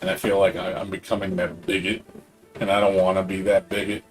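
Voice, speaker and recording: A man's voice: sits low, flat delivery, fairly quick, soft background music. A middle-aged man streaming a game, rambling in casual chat and swearing freely. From Hispanic background.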